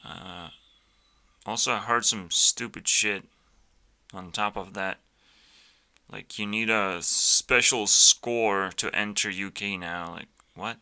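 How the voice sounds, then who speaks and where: Slow, profane ranting man. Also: on the low side, fairly even intonation, sharp tone, clean tone. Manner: blunt, profane, full of fillers and restarts. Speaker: youtuber reacting to videos. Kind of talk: casual ranting commentary.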